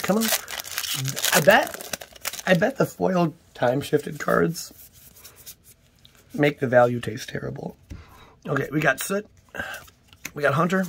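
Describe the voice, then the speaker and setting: A man hosting a casual card-opening video, playful and exclamatory with goofy catchphrases, sometimes dropping to a hushed near-whisper. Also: mid-range voice, breathy edge. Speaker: card-opening channel host. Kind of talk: casual unboxing commentary.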